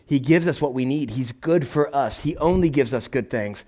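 A man preaching a sermon, animated and conversational, acting out little voices and asking "right?" again and again. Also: medium pitch, normal speed. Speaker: pastor.

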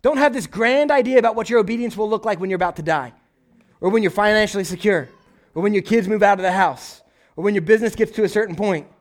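Man, pastor, young adult, high voice, lively conversational preaching, acts out quotes. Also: quick pace. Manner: animated, conversational preaching with frequent "right?" and acted-out quotes. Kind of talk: sermon.

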